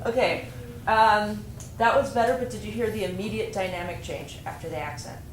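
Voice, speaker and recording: A woman's voice: mid-range voice, a little fast. A woman instructor coaching a music ensemble through a rehearsal, giving direct, practical instructions with fillers. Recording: echoey room with noise, from a distance.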